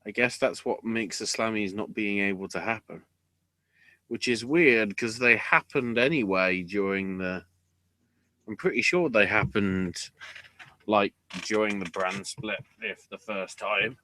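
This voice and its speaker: A man co-hosting a podcast in casual chat, swearing often and bursting into excited outbursts. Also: fairly low pitch, measured pace, no echo. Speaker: podcast co-host.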